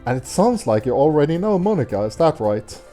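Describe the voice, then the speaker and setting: A man's voice: a little high, big pitch swings, fairly quick, warm tone, soft background music, pitched above the performer's own voice. A man voicing a shy, mature schoolgirl who speaks politely and hesitantly.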